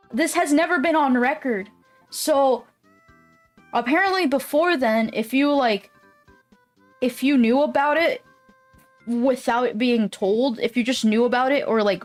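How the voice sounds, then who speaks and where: A woman streamer chatting casually with her viewers. She rambles, swears often and laughs easily. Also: fairly high pitch. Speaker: live streamer. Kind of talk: casual live-stream chat.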